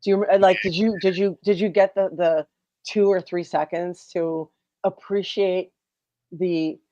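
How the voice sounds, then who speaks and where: A woman's voice: on the low side, fairly even intonation, measured pace, warm tone, dry recording. A woman hosting a streamed talk show from a video call. She reads out viewer names and teases her guest with laughing questions. Her voice comes through dry and slightly muffled. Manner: teasing, laughing interviewer. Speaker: host. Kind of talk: casual chat. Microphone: remote video call.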